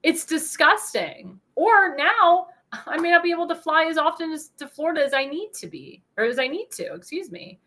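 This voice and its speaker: A woman's voice: very high-pitched, sing-song, moderate pace, bright, forceful tone. A young woman hosting a talk show, ranting indignantly in an opinion monologue and speaking straight to her viewers. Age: young adult.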